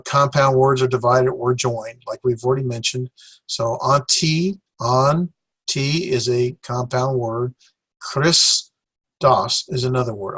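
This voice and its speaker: A man teaching a classroom lecture, pausing often with fillers and slowly sounding out syllables for students. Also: medium pitch, fairly bright tone, dry recording. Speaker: Greek teacher.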